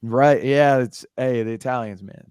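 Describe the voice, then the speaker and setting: A man's voice: medium pitch, a little slow, darkish tone, smooth, dry recording, studio quality. A young American man co-hosting a podcast in casual chat, easygoing and joking, trailing off and restarting often. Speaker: podcast co-host.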